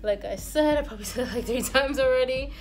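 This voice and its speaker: A woman's voice: high voice, fast talker. A woman in her twenties chatting casually to camera in a vlog, rambling with fillers and laughing easily. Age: 20s. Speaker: vlogger.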